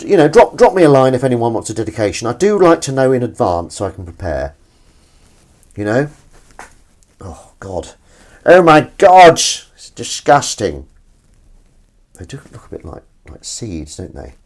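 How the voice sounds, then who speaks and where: A man's voice: medium pitch, big pitch swings, brisk, mellow. A man hosting a livestream while washing up, chatting in a rambling, self-deprecating way and reading out viewers' comments. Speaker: livestream host. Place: home kitchen at the sink. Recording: kitchen with clattering dishes and cutlery behind.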